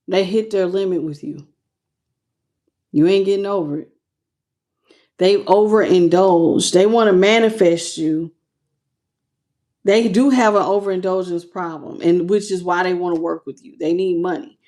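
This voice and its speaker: A woman's voice: fairly low pitch, fairly even intonation, unhurried, pauses often, a little mellow. A woman giving a casual tarot reading to camera. She talks straight to her viewers in loose slang and sounds moved by what she is reading. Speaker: tarot reader.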